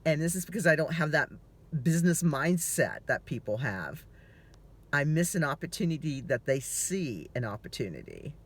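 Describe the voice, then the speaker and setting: A middle-aged man with a somewhat high voice talks to the camera from his car. He sounds worn out, drifts from story to story, swears often and laughs easily. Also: very animated, normal speed, breathy edge. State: tired. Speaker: vlogger. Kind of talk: casual chatty storytelling.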